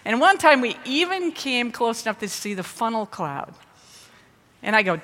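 A woman from the Midwest tells stories to a crowd with animated energy. Her voice is bright and sharp. The sound rings with the long reverb of a large hall. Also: on the high side, normal speed, slight background noise. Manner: lively, animated storyteller. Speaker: speaker at a ministry event. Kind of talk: storytelling talk to an audience.

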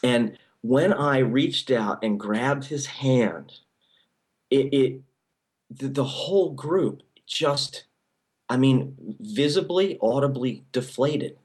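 A man delivering a sermon in a relaxed, conversational voice at a middle pitch. He stumbles and restarts often and checks in with the listeners, but his voice climbs sharply whenever he stresses a point. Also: slow pace. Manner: conversational preaching with frequent restarts and "okay?" check-ins. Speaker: pastor.

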